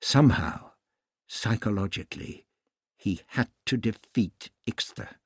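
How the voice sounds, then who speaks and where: A male narrator reads a novel in a measured, unhurried way. His voice sits low and has a husky edge, and the recording is dry and close. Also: dry recording. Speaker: audiobook narrator. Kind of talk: scripted narration.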